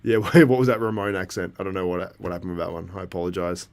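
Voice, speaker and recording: A man's voice: low voice, fast talker. A man hosting a casual live stream, chatting with viewers and reacting to events as they happen. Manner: chatty, reacting to the live feed and chat, laughs often. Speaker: livestream host.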